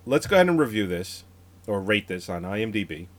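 A man in his thirties co-hosting a casual movie review podcast. He talks in a relaxed, rambling way with frequent laughs. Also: on the low side, fairly quick. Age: 30s. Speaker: podcast co-host.

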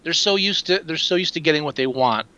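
A man's voice: on the high side, fast talker, no room sound. A man co-hosting a casual film-review chat, rambling and acting out quotes as he talks. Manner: animated, rambling, acts out quotes. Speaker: podcast co-host. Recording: dull lo-fi recording.

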